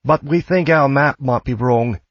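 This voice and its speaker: A man's voice: medium pitch, unhurried, no room sound, highs cut off, voice pushed up, lightly acted. A man voicing a chatty, motherly middle-aged woman in an audiobook. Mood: fussing.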